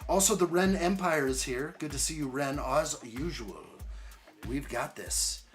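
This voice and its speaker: A man's voice: a little high, unhurried, soft background music. Upbeat man greeting his stream viewers. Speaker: live stream host. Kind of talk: casual live-stream chat while building.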